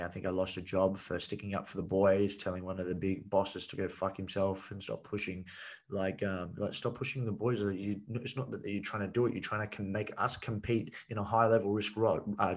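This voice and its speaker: A man, a podcast guest telling his story in casual chat, blunt and swearing freely, full of "like" and "you know.". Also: sits low. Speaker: podcast guest, men's coach.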